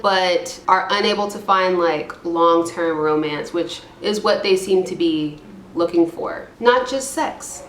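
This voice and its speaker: A woman's voice: fairly low pitch, a bit bright, slight background noise. Irreverent woman commentator, echoey room. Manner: irreverent, self-deprecating, rambling asides. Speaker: YouTube commentator. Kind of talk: casual commentary reading forum posts.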